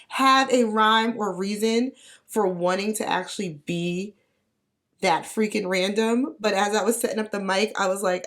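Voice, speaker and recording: A young woman with a hoarse, raspy voice from losing it, hosting a casual solo podcast in a playful, animated way. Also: mid-range voice, a little slow. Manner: playful, animated, breaks into mock quotes. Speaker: podcast host.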